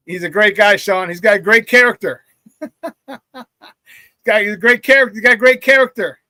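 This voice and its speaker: High, bright-voiced ranting sports host. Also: male voice, a little slow, pauses often, no echo. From Chicago area. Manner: blunt, ranting, laughs often at his own jokes. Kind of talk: live-stream sports talk, reading chat comments.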